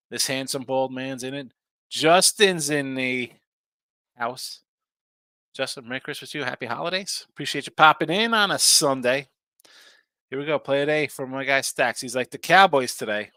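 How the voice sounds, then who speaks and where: A man hosting a live sports betting show, chatting fast and casually while reading viewer comments aloud. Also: medium pitch, bright, forceful tone, no echo. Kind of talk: casual live-stream chat.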